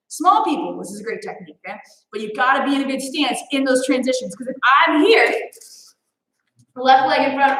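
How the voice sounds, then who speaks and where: A young woman with a high voice runs an online martial arts class, chatty and playful, laughing as she talks. She sounds like she is in a very echoey room at home. The tone is casual instruction rather than scripted. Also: fairly bright tone. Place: home training space.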